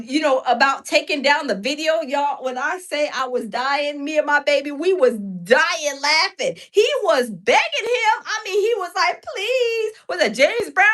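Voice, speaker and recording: A woman hosts a casual live stream, her voice sitting high and swooping widely as she jokes and chats with the audience. She laughs often and talks in an animated, gossipy way. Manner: animated, laughing, chatting with viewers. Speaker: livestream host.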